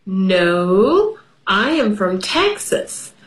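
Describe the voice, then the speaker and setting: A woman voicing a friendly young schoolboy in a calm, matter-of-fact way, at an unhurried pace. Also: mid-range voice, rough recording.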